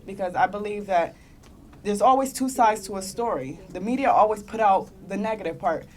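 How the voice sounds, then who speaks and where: A young woman with a mid-range, slightly mellow voice and moderate pace gives emotional personal testimony as a panelist in a conference meeting room. She sounds heartfelt and close to crying, now and then letting out rueful laughs.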